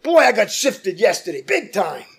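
A man's voice: very high voice, expressive, moderate pace, fairly bright tone. A man preaching a fervent sermon as pastor, calling out to his congregation. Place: church.

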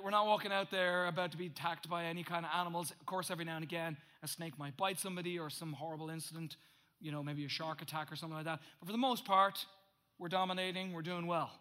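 A middle-aged male pastor preaching a sermon, swinging from loud emphatic bursts to hushed, intense asides. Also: a little high.

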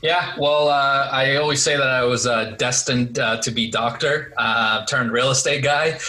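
Bright-voiced male interview guest. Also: medium pitch, unhurried, poor audio. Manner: relaxed storyteller, many fillers. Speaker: podcast guest, real estate investor. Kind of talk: casual interview chat. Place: Boston area.

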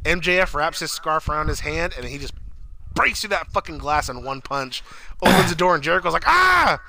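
A young man in casual chat, excitable and swearing often, acting out quotes in loud bursts. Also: fairly high pitch, brisk, creaky, heavy background noise. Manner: excitable, swears a lot, acts out quotes loudly. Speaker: podcast co-host.

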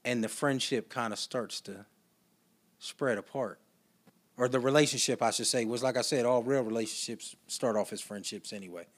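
A man's voice: medium pitch, normal speed. A man hosting a casual solo podcast, telling stories in a loose, chatty way with slang and asides. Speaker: podcast host.

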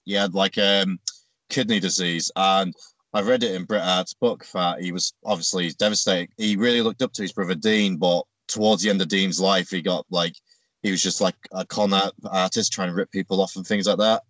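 Guy with a lowish voice walking through a recap, lots of uhs, dry close sound. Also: moderate pace, no echo. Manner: steady, recapping step by step with frequent uhs. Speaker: podcast co-host. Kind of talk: casual chat recapping a wrestling show.

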